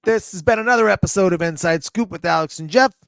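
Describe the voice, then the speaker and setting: A man co-hosting a martial arts podcast, telling animated stories in casual chat. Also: high-pitched, quick pace, gravelly, no room sound, clean studio sound. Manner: animated storytelling, acts out quotes. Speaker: co-host.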